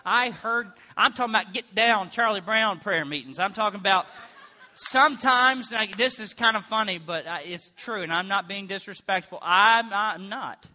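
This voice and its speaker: Male pastor, middle-aged, very bright tone, storytelling sermon with loud comic bursts. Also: high voice, normal speed. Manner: animated, comic storytelling with sudden loud bursts and mock prayer voices.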